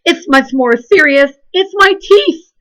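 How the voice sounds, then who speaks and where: A woman's voice: sits high, expressive, slow, fairly bright tone, voice pushed up, exaggerated voice. A woman voicing a fussy, dramatic old grandfather in a storybook read-aloud, with a wailing, emphatic manner. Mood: distraught.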